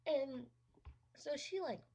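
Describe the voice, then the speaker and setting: A woman's voice: high-pitched, takes it slowly, mellow. A woman giving a casual, sarcastic movie review, swearing freely and saying "like" constantly. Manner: sarcastic and profane, heavy use of "like".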